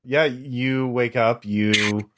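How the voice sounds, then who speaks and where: A man narrating as game master in a tabletop game, relaxed, with many pauses and ums. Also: medium pitch, slight background noise.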